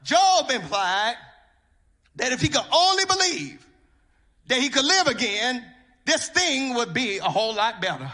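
High, bright-voiced man preaching a sermon. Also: very animated, a little slow. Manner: intoning and chanting, rising to shouts; repeats words for emphasis.

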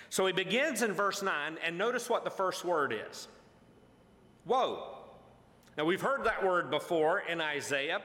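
A male pastor with a high, bright voice, teaching scripture in an earnest, emphatic way and often pausing on "uh" or restarting a phrase. His words ring out with a long, echoing reverb. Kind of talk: verse-by-verse Bible teaching. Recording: echoey hall with long reverb.

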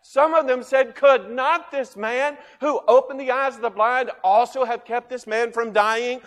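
A man preaching a sermon, animated, asking his listeners questions and swinging between loud bursts and quiet asides. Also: very high voice, a little slow, long reverb tail. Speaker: pastor.

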